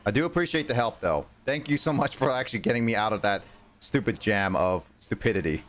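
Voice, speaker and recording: A man's voice: on the low side, animated, brisk, a bit bright. A male streamer chatting casually while playing a game, rambling with plenty of fillers. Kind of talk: casual chat while gaming.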